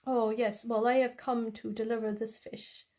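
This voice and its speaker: A woman's voice: a little high, little pitch movement, normal speed, a little mellow, lightly acted. A woman voicing a polite young man who delivers fish, talking courteously and apologetically.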